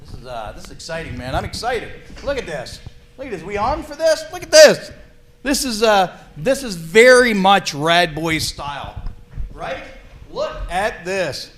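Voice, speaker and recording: A man's voice: sits high, moderate pace. A man interviewing wrestlers in the ring, hyped up and eager. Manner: excitable, hyped-up.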